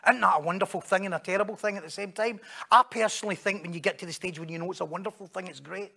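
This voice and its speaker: A Scottish man preaches a sermon in a high, gravelly voice. He tells stories, jokes along the way and acts out the people he quotes. It is a lively sermon to a congregation. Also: racing.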